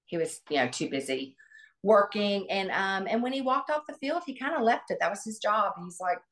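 A woman's voice: medium pitch, animated, normal speed, a bit bright. A middle-aged woman, a guest on an interview, recalling family memories in an earnest, reflective way with many restarts. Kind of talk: interview, personal recollection.

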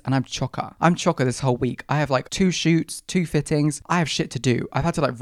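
A man's voice: a little high, no room sound, studio quality. A young man hosting his own podcast, telling stories from his month in a sassy, dramatic way. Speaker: podcast host. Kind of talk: casual solo podcast storytelling.

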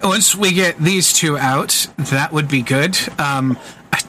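A man's voice: fairly high pitch, takes it slowly, bright, forceful tone, slight background noise, poor audio. A man voicing a strong woman who speaks hesitantly while holding up a beam. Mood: strained. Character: strong woman straining under a ceiling beam.

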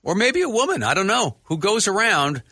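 A man's voice: high-pitched, moderate pace, husky, no echo. A man with a New York accent hosting a radio show, chatting casually and telling jokes. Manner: animated, laughing storyteller. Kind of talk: casual comedic banter.

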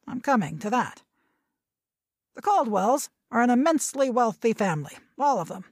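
A woman's voice: fairly high pitch, big pitch swings, normal speed, a little mellow, dry recording, clean studio sound. A woman voicing an irritable, domineering grandfather in his nineties, lecturing sharply and impatiently.

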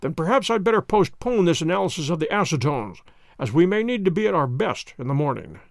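A man reading the part of a grave, brilliant detective in a storybook, measured and authoritative. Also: a little high, big pitch swings, dry recording, clean studio sound.

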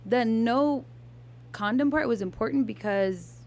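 A woman's voice: on the high side, measured pace, a little mellow. Candid young woman telling a story. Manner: candid, swears freely, many fillers and restarts. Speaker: podcast guest. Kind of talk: casual storytelling chat.

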